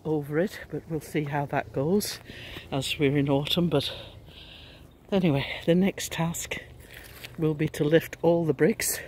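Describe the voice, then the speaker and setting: A man in his seventies talks in a casual, wry, self-deprecating way while working in his garden, a little out of breath. His voice sits a touch high. Faint noise from nearby tree work hangs in the outdoor air behind him. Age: 70s. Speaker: gardening vlogger. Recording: faint outdoor noise, neighbours cutting trees. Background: faint sounds of tree work nearby.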